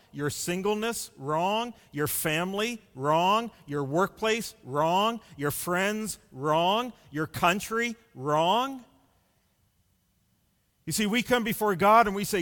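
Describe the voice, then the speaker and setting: A male pastor delivering a sermon in a slightly high voice, speaking very slowly and deliberately. He stacks up rhetorical questions one after another. His voice rings out with a long reverb, as in a large church hall. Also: a bit bright.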